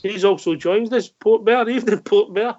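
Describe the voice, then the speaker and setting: A man's voice: high voice, moderate pace, darkish tone. A Scottish man hosting a radio phone-in, chatting casually and teasing his callers. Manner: jokey, teasing. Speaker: phone-in host. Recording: dull lo-fi call audio.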